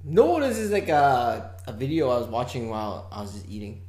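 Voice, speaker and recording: A woman chatting loosely as a podcast co-host, rambling and dropping "dude" into most sentences, laughing easily. Her pitch moves a lot, and the room adds a clear echo. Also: very animated, a little fast, warm tone. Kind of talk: casual chat. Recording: echoey room.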